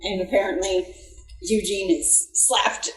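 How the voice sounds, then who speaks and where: A woman's voice: medium pitch, steady tone, measured pace, echoey room, low-quality recording. A woman playing a tabletop game, describing her character's moves in a playful, hesitant way.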